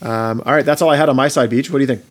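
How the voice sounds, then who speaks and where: A man's voice: mid-range voice, rapid-fire. Friendly male podcast host. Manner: friendly, restarts often. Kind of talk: casual podcast chat.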